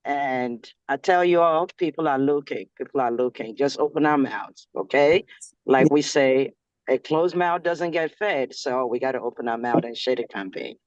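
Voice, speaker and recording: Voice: mid-range voice, a little slow, no echo. A team leader on a group video call, sharing good news in an upbeat, emphatic way. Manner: upbeat, exclamatory, preachy. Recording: dull lo-fi call audio.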